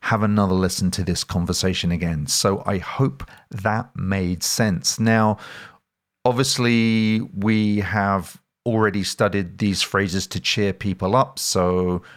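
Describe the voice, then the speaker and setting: A man hosting a casual language-lesson podcast, talking in a chatty, relaxed way and often correcting himself mid-sentence. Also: fairly low pitch, unhurried. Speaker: podcast host.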